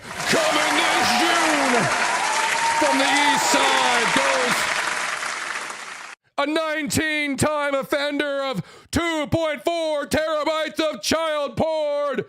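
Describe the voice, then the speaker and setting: A man imitating a male fight-night ring announcer, stretching his words out and shouting them in a hype delivery. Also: very high voice, fairly even intonation, drawn-out words, crowd noise, noisy background, voice pushed up, heavily acted. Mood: hyping.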